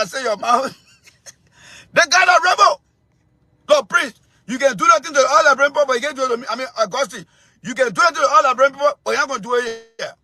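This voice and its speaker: A man with a Liberian English accent hosting his own show, giving heated, confrontational political commentary full of repetition and bursts of shouting. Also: extremely high pitch, no echo. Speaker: show host.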